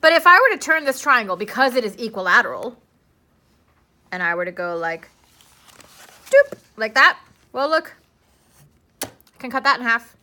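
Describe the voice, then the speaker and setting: Young woman teacher, playful, chatty, bright highish voice, keeps asking the class stuff. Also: big pitch swings, moderate pace, pauses often. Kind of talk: live classroom lesson.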